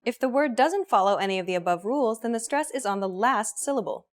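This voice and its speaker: A woman hosting a language course, reading a scripted lesson in a clear, even teaching manner. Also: fairly high pitch, quick pace.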